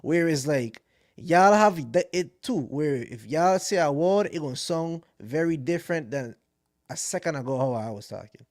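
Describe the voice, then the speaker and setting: A young man with a Caribbean accent, co-hosting a casual podcast and talking loudly and excitably, swearing freely. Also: fairly high pitch, normal speed, dry recording, clean studio sound. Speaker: podcast co-host.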